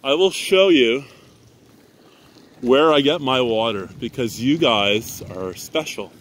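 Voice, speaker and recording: A man's voice: medium pitch, lively intonation, slow, fairly bright tone, slight background noise. A man, a little out of breath, ranting and swearing casually to viewers while cycling outdoors in winter, recorded on a handheld phone. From Canada. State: slightly out of breath. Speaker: vlogger. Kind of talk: casual ride-along vlog. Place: outdoors on a bicycle in winter traffic.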